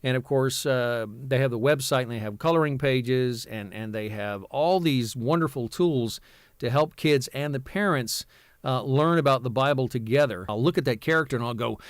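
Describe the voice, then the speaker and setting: A man's voice: mid-range voice, animated, moderate pace, dry recording. A man in his fifties, a voice-over artist, talking casually from his home studio, rambling with many fillers and restarts. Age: 50s. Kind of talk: casual vlog talk.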